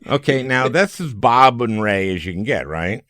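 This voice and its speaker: A man's voice: mid-range voice, expressive, moderate pace, a bit bright, dry recording, studio quality. An older man hosting a podcast, chatting casually and telling stories with frequent laughs. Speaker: podcast host. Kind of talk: casual interview chat.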